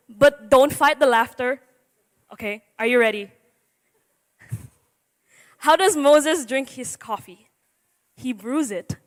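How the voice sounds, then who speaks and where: The youth preacher here is a seventeen-year-old girl with a high-pitched, fairly bright voice. Nervous and jittery, she jokes through her sermon and laughs at herself, with the sanctuary's hall reverb around her.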